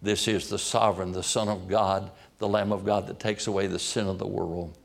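A man's voice: sits low, flat delivery, moderate pace, gravelly. A man preaching a sermon as a pastor, reciting long passages of scripture and building to impassioned peaks.

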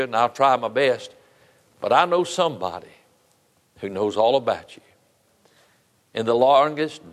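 A man's voice: mid-range voice, a bit bright, in a large hall. A man preaching a sermon and leading an altar call, earnest and pleading, repeating his phrases for emphasis. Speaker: pastor.

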